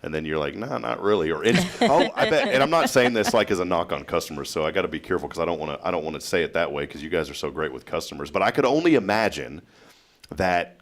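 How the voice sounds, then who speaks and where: A man's voice: sits low, expressive, quick pace. A man hosting a casual morning talk show, telling stories and laughing often. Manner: chatty storyteller, laughs often. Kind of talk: casual chat.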